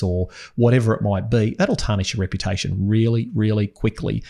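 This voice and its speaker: A man's voice: on the low side, steady tone, quick pace, hardly any pauses, darkish tone. A man hosting a podcast interview, talking bluntly in a colloquial, conversational way. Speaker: podcast host.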